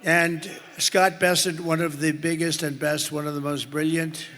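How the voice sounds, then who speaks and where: A man's voice: a little high, little pitch movement, normal speed, pushed and bright. A man giving a rambling, boastful rally speech in a large indoor arena, with off-the-cuff asides to the crowd. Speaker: political candidate at a rally. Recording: arena with long reverb and crowd noise. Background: cheering crowd.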